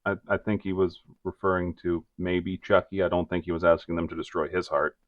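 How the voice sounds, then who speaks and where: A man co-hosting a podcast, narrating a case in a deadpan, measured true-crime style with a very deep, gravelly voice. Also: no room sound, highs cut off.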